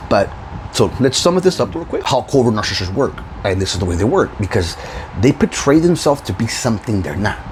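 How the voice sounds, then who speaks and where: A man's voice: lowish voice, sing-song, a little fast, a little mellow, a little hiss or hum, poor audio. A man hosting his own video channel, delivering a profane, confrontational rant with frequent laughs. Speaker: YouTube channel host. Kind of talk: ranting vlog monologue.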